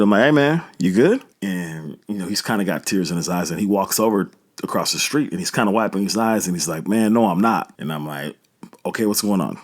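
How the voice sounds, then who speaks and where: A man in his thirties, a podcast host, telling a true story in a relaxed, chatty, slangy way. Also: low voice. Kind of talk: casual storytelling.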